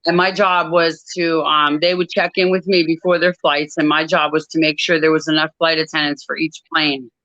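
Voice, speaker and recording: A woman guest in an interview, telling a personal story in a measured, reflective way with frequent pauses. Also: sits low, flat delivery, a bit bright, dry recording, dull audio. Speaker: author and guest.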